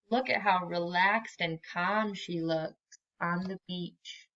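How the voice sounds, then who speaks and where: A woman teacher reads a picture book to young children in an unhurried, clear, bright voice. She gently coaxes them to join in and leads them into yoga poses. The sound is a little muffled and lo-fi. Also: on the low side. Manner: slow, gentle and encouraging, prompting children to join in.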